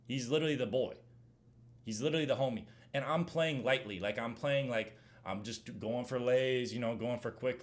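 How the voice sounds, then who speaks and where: Young male streamer, casual slangy Q&A voice, animated rants. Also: mid-range voice. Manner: animated slang-heavy rant, gets loud when heated. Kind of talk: casual Q&A chat.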